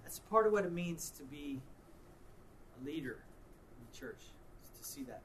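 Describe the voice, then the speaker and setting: Animated man telling a sermon story. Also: fairly high pitch, moderate pace, a little hiss or hum. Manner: animated storyteller, acts out quotes. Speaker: pastor.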